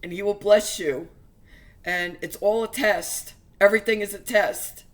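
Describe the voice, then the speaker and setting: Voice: mid-range voice, steady tone, a little slow. A religious vlogger giving an emotional personal testimony to viewers, speaking earnestly and fervently with stumbling restarts.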